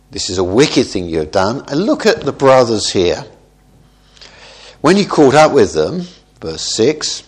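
A man's voice: medium pitch, breathy edge. Man teaching a sermon in a chatty way. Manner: conversational, frequent "isn't it?" tag questions; thoughtful with small self-corrections. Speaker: preacher. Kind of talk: expository Bible teaching.

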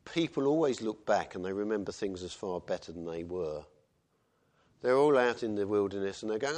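A man's voice: fairly low pitch, expressive, normal speed, a little mellow. Man preaching a conversational sermon. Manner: conversational, with tag questions and acted quotes.

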